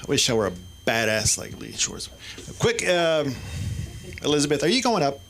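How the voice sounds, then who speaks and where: Animated, self-deprecating man in his forties. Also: on the high side, normal speed, gravelly, slight background noise. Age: 40s. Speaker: comedy show host. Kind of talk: stand-up hosting. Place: small comedy club stage.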